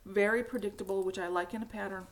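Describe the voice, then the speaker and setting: A middle-aged woman with a hoarse, cracky voice, hosting a knitting podcast in a rambling, casual chat with frequent laughs. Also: medium pitch, fairly even intonation, quick pace, slight background noise. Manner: chatty, rambling, laughs often. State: hoarse, frog in throat.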